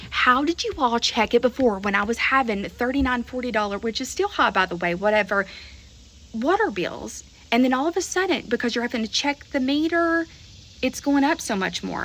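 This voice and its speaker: A woman's voice: fairly high pitch, fairly bright tone. A woman venting to camera in an exasperated, emphatic rant, repeating herself.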